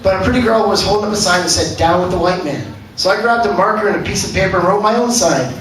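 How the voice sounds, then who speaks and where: A man's voice: high voice, fairly bright tone. Canadian male stand-up, profane and brash; heavy room echo, audible crowd noise. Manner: brash, profane storytelling with quick asides. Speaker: stand-up comedian. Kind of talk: stand-up comedy set. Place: comedy club stage. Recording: echoey club, far from mic, audience noise. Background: audience laughter.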